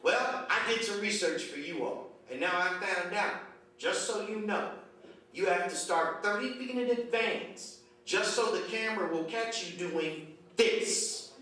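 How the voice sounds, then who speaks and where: A man delivers a stand-up set with profane, grumpy rants. His voice sits high and sounds bright and sharp. It comes from some distance in a very echoey room. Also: unhurried. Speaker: stand-up comedian. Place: comedy club stage at a memorial show.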